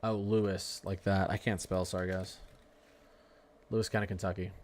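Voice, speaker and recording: A man's voice: sits low, level tone, moderate pace, a little hiss or hum. A young man hosting a casual live weather stream, rambling, ranting and talking straight to his chat. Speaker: weather livestream host.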